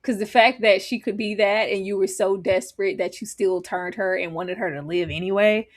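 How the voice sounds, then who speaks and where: A woman co-hosting a casual TV recap chat, animated and dramatic with laughing asides. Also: medium pitch, normal speed. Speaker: podcast co-host.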